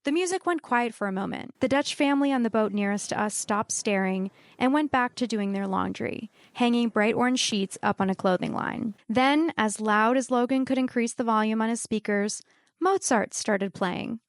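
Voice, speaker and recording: A woman telling a comedic true story to a live audience with wry, deadpan asides. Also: on the high side, normal speed, no echo.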